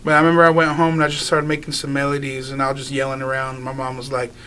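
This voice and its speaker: A man's voice: medium pitch, monotone, racing, sharp tone, smooth. A young man, a guest singer, talking casually in a radio interview, rambling with lots of filler words and easy laughs. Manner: rambling, many filler likes, laughs easily.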